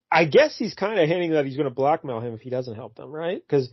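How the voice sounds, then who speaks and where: A man with a fairly high voice chats casually on a podcast, joking and retelling scenes as he goes. The sound is dry and a little dull. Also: brisk, husky, no room sound. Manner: relaxed, joking, retells scenes with quoted lines. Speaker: podcast co-host. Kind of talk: casual comic book chat.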